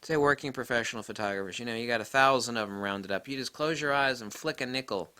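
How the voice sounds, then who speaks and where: A man's voice: mid-range voice, fast talker, pushed and bright, smooth. A man ranting casually to camera about photography, rambling and incredulous, laughing often. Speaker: photography vlogger.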